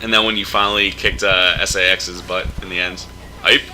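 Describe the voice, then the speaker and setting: A man with a lowish, strikingly bright voice rambles casually about games while he plays. He stumbles over his words and breaks into loud outbursts at the screen. Faint game music runs under him. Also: brisk, poor audio. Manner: excitable, reacts loudly to the game; filler-heavy, restarts often. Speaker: gaming YouTuber playing through a game. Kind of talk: casual gameplay commentary chat.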